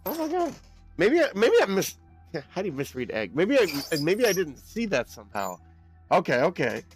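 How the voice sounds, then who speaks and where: A young man streaming a game, chatting casually with his audience in an excitable, rambling way with quick laughs. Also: sits high, faint music behind. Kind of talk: casual live-stream chat while gaming.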